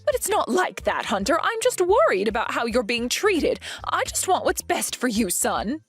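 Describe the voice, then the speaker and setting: A woman voicing an indignant, accusing middle-aged mother-in-law in an animated story drama. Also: high-pitched, normal speed, slightly rough, faint music behind, full character voice. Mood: pleading.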